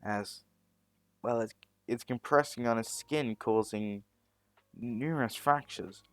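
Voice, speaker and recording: A man's voice: medium pitch, slow, no echo. A man narrating a fan story, often stopping to correct himself as he goes. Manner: rambling, self-correcting.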